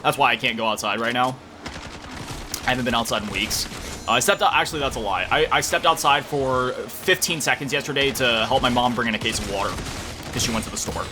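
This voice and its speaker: A man's voice: medium pitch, fast. A young man from Florida chatting casually and rambling as he commentates his gameplay, swearing now and then. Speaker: gaming commentator. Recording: music playing loudly under the voice. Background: game music and gunfire.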